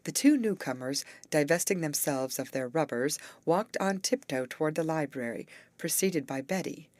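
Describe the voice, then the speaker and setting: A woman narrating a graded English story for learners, reading slowly, clearly and evenly. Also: sits low, expressive, a little mellow, no echo.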